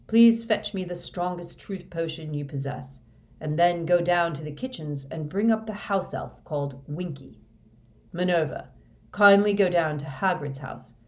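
A woman voicing an ancient male wizard headmaster who speaks in a measured, curt, authoritative way. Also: low-pitched, a little mellow.

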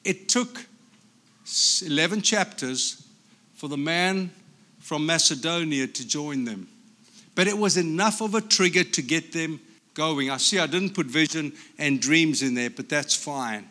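A man from Africa, a pastor, preaching a sermon in an animated, storytelling way. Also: on the high side, unhurried.

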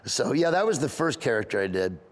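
A male stand-up comedian, guest on an interview, telling stories in an animated way and laughing often. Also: medium pitch. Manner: laughs often, excited, quick bursts. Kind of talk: animated storytelling.

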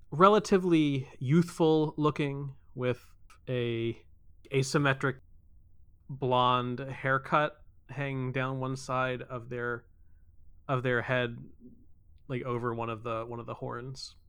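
A man running a tabletop roleplaying game who narrates scenes with casual asides. His voice is bright and crisp. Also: mid-range voice, fairly even intonation, takes it slowly, no echo, clean studio sound. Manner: descriptive, loose with asides. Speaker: game master.

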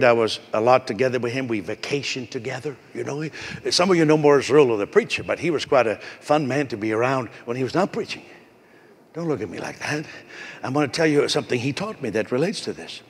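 A male pastor preaching a sermon with a raspy voice, emphatic and repetitive, calling out to the congregation. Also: mid-range voice. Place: church. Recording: echoey hall.

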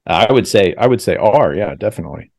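A man with a fairly low voice hosts a casual podcast, rambling in long chatty runs and stopping to correct himself. His voice is recorded dry and close, with little room sound. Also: animated, fast, gravelly, darkish tone, no echo. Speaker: podcast host. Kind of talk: casual chat over a video call. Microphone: video call.

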